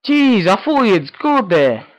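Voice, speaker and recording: A man giving excitable live commentary on his own football video game match, yelling reactions at every play. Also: high-pitched, unhurried, no room sound, muffled recording. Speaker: gaming YouTuber.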